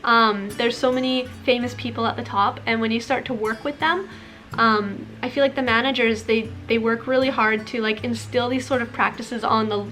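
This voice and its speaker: A woman's voice: a little high, steady tone, moderate pace, a bit bright, faint music behind. A young woman speaking candidly to camera in a casual vlog, with a frank, conversational manner and frequent "like" fillers. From Canada. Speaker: YouTuber.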